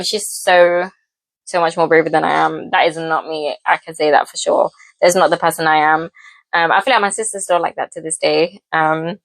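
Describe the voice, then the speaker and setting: A woman's voice: on the low side, fairly bright tone, dry recording. A young woman vlogger chatting casually as she cooks, giggly and full of fillers. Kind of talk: casual storytelling while cooking. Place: home kitchen.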